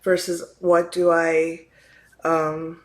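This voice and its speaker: A woman's voice: sits low, completely flat delivery, very slow, low-quality recording. A middle-aged woman co-hosting a casual advice chat, thinking aloud hesitantly with many fillers. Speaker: co-host.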